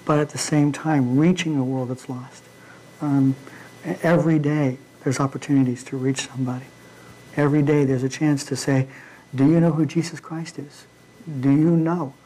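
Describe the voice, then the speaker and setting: Halting, mellow-voiced male preacher. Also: medium pitch, fairly even intonation, poor audio. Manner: halting, with frequent fillers and restarts. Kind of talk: informal midweek sermon. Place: church.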